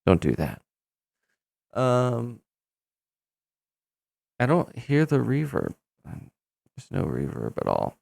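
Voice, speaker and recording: A man's voice: medium pitch, huge pitch swings, slow pace, gravelly, long pauses, a little mellow, no echo. A man hosting his channel, chatting casually to himself as he tries out voice effects and mutters his reactions. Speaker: channel host. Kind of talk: casual chat while trying out voice effects.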